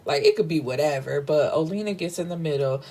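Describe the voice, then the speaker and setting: A woman hosting a book podcast, recapping a story in an animated, slangy way and swearing freely. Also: low voice, a little fast.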